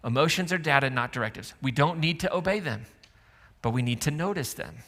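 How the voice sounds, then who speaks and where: A man's voice: a little high, lively intonation, a little fast, sharp tone. A man preaching a sermon, conversational and joking with the congregation. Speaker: pastor. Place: church auditorium. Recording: church hall reverb with faint music.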